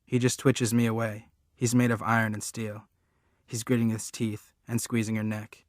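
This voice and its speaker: Man narrating a first-person novel, earnest, low and level. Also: level tone, normal speed, a little mellow, no room sound, studio quality. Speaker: audiobook reader.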